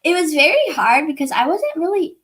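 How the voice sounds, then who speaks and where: A woman's voice: sits high, fairly quick, slight background noise. A teenage girl telling stories in a casual interview, laughing often and acting out what people said. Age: teens. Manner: giggly, animated, acts out quoted dialogue. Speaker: guest.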